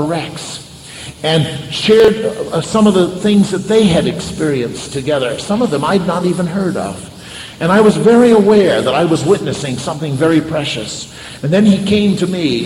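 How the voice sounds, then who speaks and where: A man preaching a sermon, telling a story dramatically and moving from loud passages to hushed ones. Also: on the high side, a little hiss or hum. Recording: echoey hall with faint ambience.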